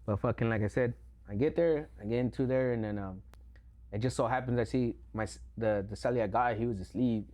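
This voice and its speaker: A man, a podcast guest, telling stories in a relaxed, slangy way with constant swearing. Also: mid-range voice, a little fast. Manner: profane, slangy, laid-back. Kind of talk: casual storytelling.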